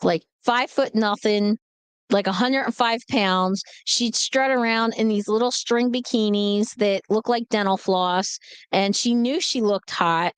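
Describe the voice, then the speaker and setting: A woman in her forties telling a family story to a live chat, animated and blunt. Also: medium pitch, measured pace, clean tone, no room sound. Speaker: livestream host.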